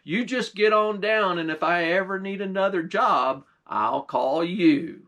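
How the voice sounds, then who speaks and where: A weary, fed-up old farmer from a told folk tale, as a man puts him on. He speaks in a dry, folksy, resigned way, his voice a bit high. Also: unhurried, sharp tone.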